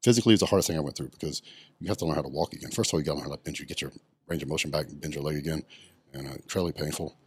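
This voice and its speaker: A man's voice: a bass voice, racing, slightly rough. A middle-aged man, telling his story bluntly in a casual podcast interview, swearing often. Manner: blunt and profane, many ums. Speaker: podcast guest, retired bodybuilder.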